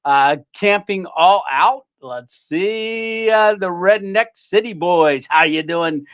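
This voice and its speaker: A man's voice: high voice, slow, a bit bright, clean tone, highs cut off. Chatty man hosting a home livestream. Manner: chatty, greets viewers by name, frequent fillers and laughs. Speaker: livestream host. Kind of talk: casual live-stream chat. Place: home room.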